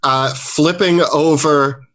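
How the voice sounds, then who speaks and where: A man's voice: a little high, fairly even intonation, slow pace, fairly bright tone, a little hiss or hum. A man playing a character in a tabletop game, describing his moves and thinking aloud. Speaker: player.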